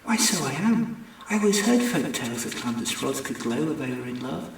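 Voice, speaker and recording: A man's voice: medium pitch, sing-song, normal speed, a little hiss or hum. A man voicing an earnest, lovestruck male alien visitor in his own voice for an audiobook. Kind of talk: audiobook character voice. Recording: echoey room, distant mic.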